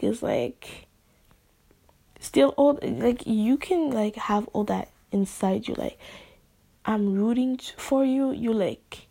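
A woman talking off the cuff in a slow, unhurried ramble, slipping into slang and hushed near-whispers. Her voice sits fairly high but has a dark, mellow color with a steady gravelly fry. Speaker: vlogger. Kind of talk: spontaneous casual monologue.

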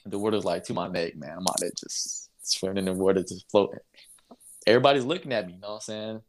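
A young man with a low-pitched voice tells a story as a guest in an interview. He talks casually and with energy, laughs along the way and acts out the other people's lines. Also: fast talker, background noise. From North Carolina. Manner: animated, laughs while telling, acts out voices. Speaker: interview guest, basketball player.

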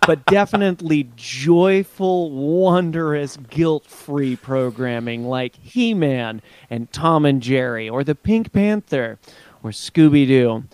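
A man's voice: a little high, takes it slowly, darkish tone, clean tone, no echo. Playful man co-hosting a podcast. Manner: playful, teasing banter. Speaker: podcast co-host. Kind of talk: casual podcast chat.

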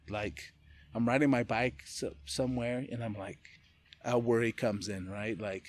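Animated laughing man telling stories. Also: medium pitch, a little fast. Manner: animated, laughing storyteller who swears casually. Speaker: podcast guest. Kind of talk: casual podcast conversation. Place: indoors, casual setting with a beer.

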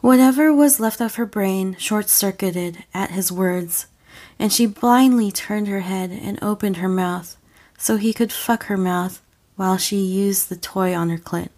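A woman reading an audio story as a narrator, slow and deliberate. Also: medium pitch, darkish tone. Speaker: audiofic reader.

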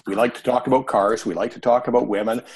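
A middle-aged man from Canada, a dementia care trainer chatting as a guest on a podcast in a relaxed, drawling way with many pauses. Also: medium pitch, slight background noise. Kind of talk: casual podcast chat.

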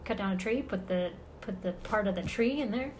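A young woman guest on a podcast, talking in a relaxed, rambling way, full of fillers. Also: medium pitch, brisk, a little hiss or hum. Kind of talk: casual podcast chat.

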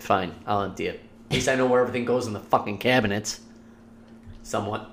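A man's voice: fairly low pitch, fast talker, gravelly, a bit bright, reverberant, slight background noise. A man co-hosting a podcast, chatting casually with blunt, joking swearing. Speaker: podcast co-host. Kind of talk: casual chat.

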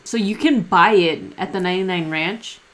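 A woman's voice: on the low side, moderate pace, a bit bright. A woman co-hosting a podcast, chiming in with blunt, crude, teasing remarks. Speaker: podcast co-host. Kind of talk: casual chat.

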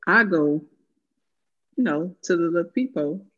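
A Southern American woman tells a story in casual chat, her lowish voice moving at a moderate pace. She swears freely, stays animated and laughs often, on dull lo-fi sound.

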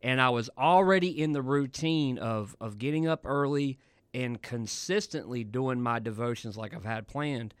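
A man's voice: mid-range voice, moderate pace, clean tone, dry recording. A man co-hosting a podcast in casual chat, joking and laughing often from a studio. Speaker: podcast co-host.

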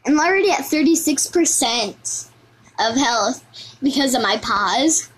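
Excitable high-voiced female game commentator. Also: unhurried, breathy edge, rough recording. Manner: excitable, exclamatory, sing-song repetition. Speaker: gaming video host. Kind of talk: live gameplay commentary.

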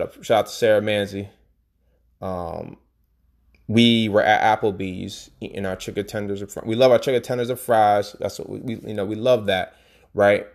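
A man hosting a podcast, talking in a casual, rambling, emphatic monologue. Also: lowish voice. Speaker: podcast host.

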